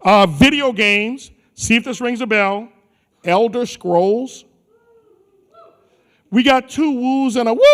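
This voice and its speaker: A man's voice: very high voice, fairly bright tone. A man emceeing a conference on stage, teasing the crowd in a playful, slangy way. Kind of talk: joking crowd work on stage. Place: large conference hall. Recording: live hall with long reverb.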